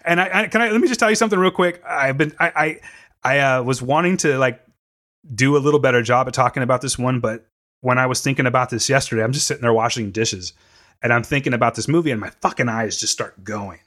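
A man's voice: medium pitch, fast, fairly bright tone. A man co-hosting a casual movie review podcast, emotional and choked up, swearing freely. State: tearful. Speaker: podcast co-host.

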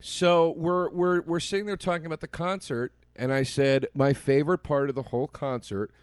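A man's voice: fairly high pitch, moderate pace, clear, resonant tone, no echo. Man telling a story, laughing a lot. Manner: animated storyteller, quotes people in his own voice, laughs often. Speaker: podcast co-host telling a story. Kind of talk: casual chat, storytelling.

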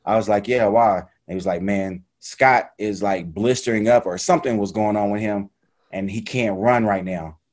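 A man casually telling a story about a race in an animated, laughing way, acting out what people said. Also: fairly low pitch, moderate pace. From United States. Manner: animated, laughing retelling with quoted voices.

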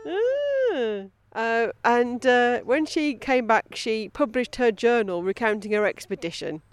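A chatty, giggly woman with a fairly high voice, talking casually on a woodland walk and stopping to read an old inscription aloud. Her voice is close and dry, with little room sound around it. She keeps interrupting herself with amused asides. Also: unhurried, smooth, no echo. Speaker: podcast host. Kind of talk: casual outdoor chat and reading aloud. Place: outdoors on a woodland path.

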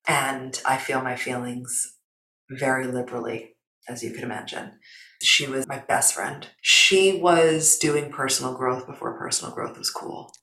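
A woman guest coach talking in an emphatic, expressive way that drops soft and breathy when she turns reflective. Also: extremely low pitch, unhurried. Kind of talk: expressive conversational interview. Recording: roomy echo.

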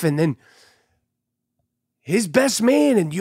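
Gravelly New man, animated and profane. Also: high voice, normal speed, long pauses, dry recording, studio quality. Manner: animated storyteller, swears freely. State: sick, congested. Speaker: podcast host. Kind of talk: casual monologue.

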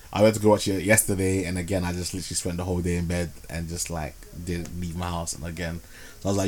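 A man's voice: sits low, level tone, fast talker, a little hiss or hum. A man hosting a podcast, casually reviewing films in a slangy, rambling way. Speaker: podcast host. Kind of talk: casual film review chat.

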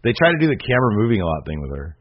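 A man co-hosting a podcast in casual chat, rambling and animated, with many fillers and restarts. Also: lowish voice, racing. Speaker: podcast co-host. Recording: slightly muffled lo-fi audio.

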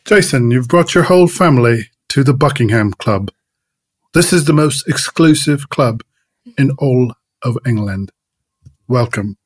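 A man's voice: medium pitch, animated, a little slow, breathy edge, no echo. A man in an improv comedy scene who speaks in a stiff, formal manner. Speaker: improv performer.

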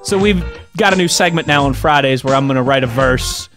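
A man's voice: medium pitch, brisk, a bit bright, faint music behind. A young man, hosting a sports radio show in a casual, playful way. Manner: upbeat, playful banter.

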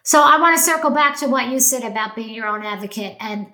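A woman's voice: a little high, fast, pushed and bright, rough recording. A woman in her sixties, a podcast guest, talking in an earnest and emphatic way. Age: 60s. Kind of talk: casual podcast conversation.

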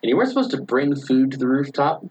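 A man's voice: medium pitch, sing-song, fast, darkish tone, lo-fi sound, slight background noise. A man in his twenties chatting casually as a podcast guest, rambling through stories with lots of fillers and laughs. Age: 20s. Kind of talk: casual chat, storytelling.

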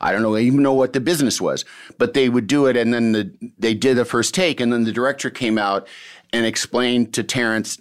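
A man's voice: medium pitch, fairly quick. A man, an actor, chatting casually and telling showbiz stories, acting out the people he quotes. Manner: animated storyteller, acts out quotes. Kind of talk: casual conversation.

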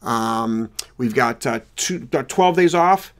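A man hosting a live dog training podcast, talking loudly and rambling in an excitable, casual way. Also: medium pitch, slow. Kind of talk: casual live show chat.

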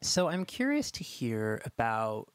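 A woman interviewing a guest and narrating between clips, with short warm reactions. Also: very deep voice, wildly swooping pitch, a little slow, no room sound.

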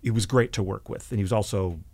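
Man telling lively showbiz stories. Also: on the low side, quick pace, vocal fry, no echo. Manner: animated anecdotes with self-deprecating laughs. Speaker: actor and podcast guest. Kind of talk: casual storytelling interview.

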